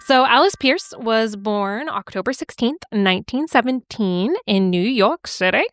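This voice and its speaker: A woman's voice: on the high side, animated, a little slow, fairly bright tone. A woman co-hosting a podcast in casual chat, enthusiastic and thinking aloud with fillers. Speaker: podcast co-host.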